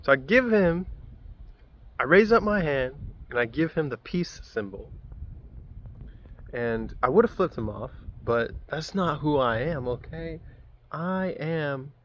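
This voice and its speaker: Animated young man telling a story. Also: fairly high pitch, unhurried. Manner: animated, profane, rambling storytelling. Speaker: vlogger. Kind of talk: casual story time.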